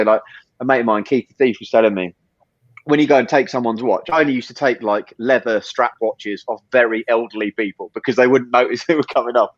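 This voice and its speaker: Fast-talking man telling stories. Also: medium pitch, no room sound, muffled recording. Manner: quick, rambling storytelling with many fillers and restarts. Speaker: podcast guest, magician. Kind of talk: casual interview chat.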